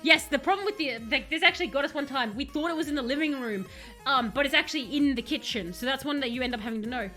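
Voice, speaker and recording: A woman with a high, bright voice chats her way through a live horror game stream from her home computer. She talks straight to her viewers, jumpy and chatty, with music playing faintly behind her. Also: quick pace.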